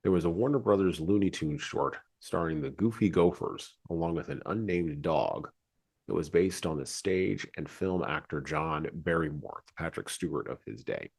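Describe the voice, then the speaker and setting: Male podcast host: very low, husky, casual and digressive. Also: normal speed, a little mellow. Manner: digressive, chatty, many asides.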